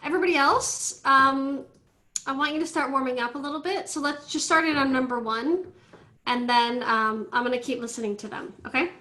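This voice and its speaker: A woman teaching an online violin class, coaching students through tuning in a brisk, directive way over a video call. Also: sits high, pushed and bright. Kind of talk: online group class instruction. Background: faint violin notes from students.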